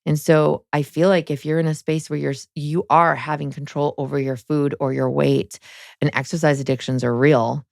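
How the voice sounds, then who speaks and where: A woman's voice: low-pitched, flat delivery, moderate pace, creaky, a little mellow, no room sound, clean studio sound. A woman in her thirties, a guest on an interview show, telling her personal story frankly and emotionally, with many "like" fillers. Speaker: guest, spiritual guide.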